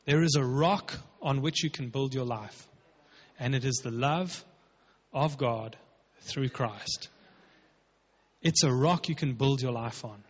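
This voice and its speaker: A male pastor delivers a sermon, emphatic yet conversational, acting out the quotes he uses. His mid-range voice is slow with a breathy edge, and the recording is dull and lo-fi with a long hall reverb.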